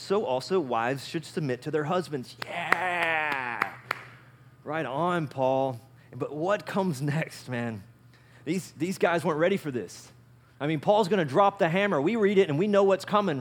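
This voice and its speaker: A male pastor preaching a sermon in an animated way, often asking his listeners questions. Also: fairly high pitch. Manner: animated, asks the audience questions.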